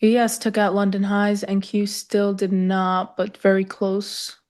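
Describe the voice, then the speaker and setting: A woman's voice: medium pitch, little pitch movement, unhurried, darkish tone. A woman co-hosting a live trading show, chatting casually with dry sarcastic asides. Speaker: co-host.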